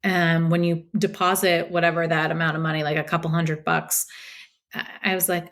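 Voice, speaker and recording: A woman from the Boston area, a podcast guest telling her story in a casual, animated way and acting out quotes with laughter. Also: on the low side, a little fast.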